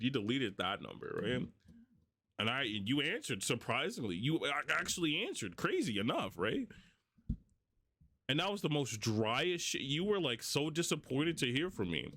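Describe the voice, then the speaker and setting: A man's voice: fairly high pitch, a bit bright, no echo. A young man in a casual monologue, venting heatedly at a former friend with rambling, profane talk. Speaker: vlogger.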